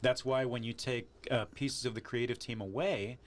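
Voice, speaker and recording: A man's voice: mid-range voice, fairly even intonation, moderate pace. A man co-hosting a casual podcast, blunt and opinionated, who swears casually as he talks. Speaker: podcast co-host. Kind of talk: casual chat.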